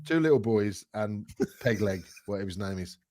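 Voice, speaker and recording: Blunt, jokey male co-host; lively pitch, dry close sound. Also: moderate pace, no echo. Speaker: podcast co-host. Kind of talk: casual chat.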